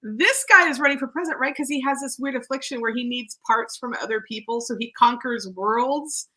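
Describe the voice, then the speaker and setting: A woman co-hosting a casual podcast chat about a movie, animated and laughing, acting out quoted voices. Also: a little high, brisk, rough recording.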